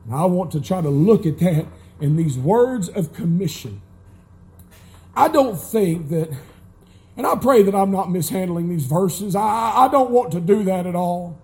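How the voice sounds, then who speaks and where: A man preaches in a very high voice. His delivery is folksy and emphatic, and it builds up to shouting. This is a live church sermon recording. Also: lively intonation, normal speed. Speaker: pastor.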